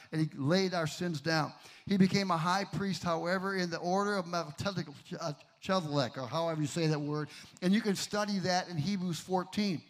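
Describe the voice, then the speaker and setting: A middle-aged man preaching a sermon, swinging from loud emphasis to hushed storytelling. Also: high voice. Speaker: pastor.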